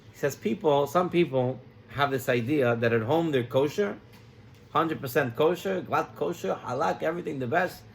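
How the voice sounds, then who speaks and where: A man giving a sermon as a rabbi, telling a story in a lively way and mixing in Hebrew terms. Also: a little high, moderate pace, gravelly, a little hiss or hum.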